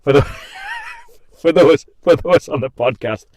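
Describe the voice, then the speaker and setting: This young live-stream podcast host has a slightly high voice with a darkish tone and speaks at a measured pace. Reacting to viewers, he laughs a lot and keeps breaking off mid-thought in a scattered, giggly manner.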